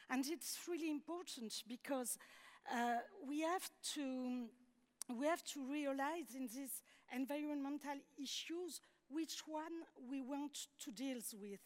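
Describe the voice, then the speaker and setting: French woman on a panel, high voice, kinda halting english, lots of restarts. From France. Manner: halting, searching for words, frequent restarts. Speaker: deputy mayor panelist. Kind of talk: panel discussion answer.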